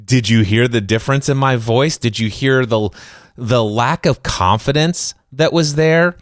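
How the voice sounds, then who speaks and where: Confident male podcast host, unhurried delivery, very dry studio sound. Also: medium pitch, dry recording. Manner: confident, bold, conversational. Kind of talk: solo podcast talk.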